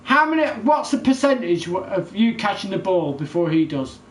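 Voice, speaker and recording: Furious high-voiced man ranting. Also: big pitch swings, normal speed. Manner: heated, loud, heavy swearing. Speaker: gaming YouTuber. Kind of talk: angry gaming rant to camera. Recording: echoey room, faint background noise.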